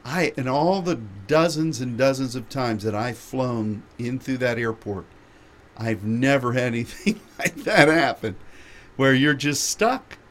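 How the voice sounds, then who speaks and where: A man hosting a radio show, telling a lively travel anecdote with laughter. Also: medium pitch, measured pace. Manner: animated anecdote with frequent laughter. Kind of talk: storytelling chat.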